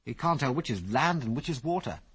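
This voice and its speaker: A man doing a calm, clipped veteran pilot. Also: medium pitch, fairly quick, slightly rough. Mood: wry. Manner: clipped, matter-of-fact orders.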